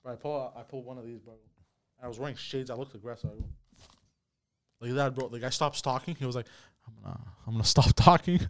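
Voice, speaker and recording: Animated man telling a story, dry close sound. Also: mid-range voice, fast, long pauses, no echo. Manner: animated storyteller, acts out shouting quotes, heavy swearing and "bro". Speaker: podcast host. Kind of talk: casual chat, storytelling.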